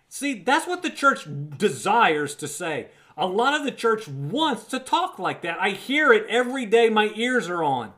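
Preacher type, male, fairly high voice; fervent, conversational Bible teaching, leans on repetition. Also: big pitch swings, unhurried, few pauses, a bit bright. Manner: emphatic, repeats words for emphasis; conversational, addresses listener as friend.

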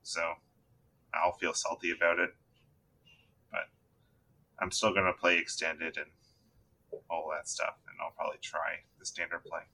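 A man hosting a casual tabletop gaming podcast, talking in a relaxed, rambling way with many fillers. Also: sits low, measured pace, long pauses, slight background noise. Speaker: podcast host. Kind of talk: casual chat.

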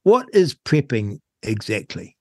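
A New Zealand man hosting a talk radio interview, asking lively, chatty questions. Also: lowish voice, slow, no room sound, clean studio sound. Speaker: radio host.

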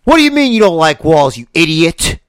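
A man playing a brash, cocky veteran male wrestler who talks loud and boastful, casually recorded on a podcast. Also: on the high side, sing-song, a little fast, clear, resonant tone, no echo, studio quality, pitched above the performer's own voice. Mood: mocking.

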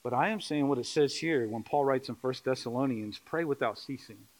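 A man preaching a sermon in church, joking with the congregation and building to loud, rising calls. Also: mid-range voice, fairly quick. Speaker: pastor. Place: church sanctuary.

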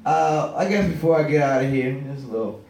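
A man in his thirties doing a stand-up comedy set, loud and profane, rambling and shouting his punchlines. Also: on the high side, lively intonation, brisk, heavy reverb, distant mic, a little hiss or hum. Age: 30s.

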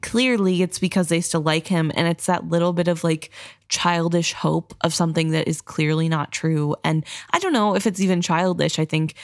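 A woman's voice: on the low side, steady tone, normal speed, no echo, studio quality. A woman co-hosting a book podcast, talking about the story in a chatty, empathetic way. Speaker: podcast co-host. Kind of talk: casual book discussion.

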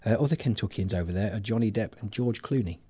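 A man's voice: lowish voice, fast, dark tone, husky, no echo. A man from England hosting a local podcast, chatting in a jokey, rambling way with lots of fillers. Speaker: podcast host. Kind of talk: casual chat.

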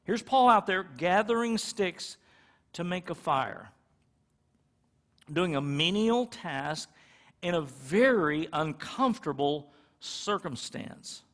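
Middle-aged guy preaching, kinda high voice, chatty, does little voices for the people in his stories. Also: lively intonation, slow, a bit bright. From California. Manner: conversational, acts out little quoted exchanges. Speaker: pastor. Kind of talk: sermon.

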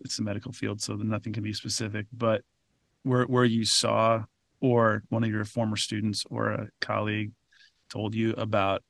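A man's voice: fairly low pitch, creaky, a bit bright, no echo, clean studio sound. A male podcast host asking a long, rambling question, restarting himself as he goes. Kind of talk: interview questioning.

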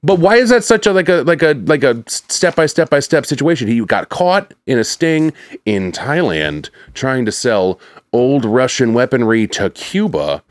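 A man's voice: mid-range voice, expressive, unhurried, no room sound. A man co-hosting a podcast at home, rambling and sarcastic as he retells stories at length. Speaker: podcast co-host. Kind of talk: casual chat.

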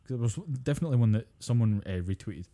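A man's voice: on the low side, quick pace, dark tone. A Scottish man co-hosting a podcast, chatting casually and ranting with plenty of swearing. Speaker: podcast co-host.

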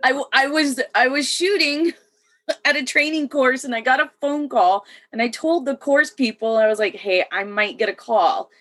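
A woman's voice: high voice, normal speed, a bit bright. A woman in her thirties, a military veteran, talking as a guest in a casual chat and often laughing between sentences. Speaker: podcast guest.

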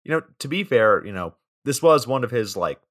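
A man's voice: mid-range voice, very animated, brisk, a bit bright. A young man co-hosting a podcast, recapping a movie's plot in a laid-back way with fillers and side comments.

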